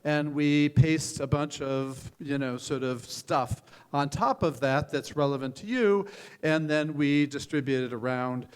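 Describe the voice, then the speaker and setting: Older man, venture capitalist, frank joking feedback, fairly high voice, long hall reverb. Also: measured pace, clean tone. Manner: frank, joking, many restarts and fillers. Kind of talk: live pitch coaching.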